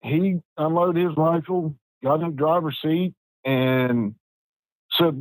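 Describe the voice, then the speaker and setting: A man's voice: on the high side, fairly even intonation, no room sound, rough recording. Virginia guy in his 50s, folksy and plain, dry close mic. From West Virginia. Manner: plainspoken, folksy, halting pauses. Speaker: Bigfoot researcher guest. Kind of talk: personal storytelling.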